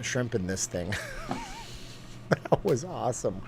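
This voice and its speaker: A man's voice: lowish voice, a little hiss or hum. A man hosting a casual live-stream chat, rambling from one topic to the next. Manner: rambling, chatty, quick asides and laughs.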